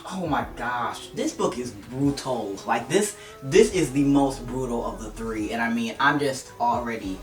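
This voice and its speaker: Excitable book vlogger rambling, kinda far from the mic, echoey room, soft music underneath. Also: mid-range voice. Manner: gushing, excitable, quick laughs. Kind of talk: casual chat. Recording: roomy, distant mic, faint music.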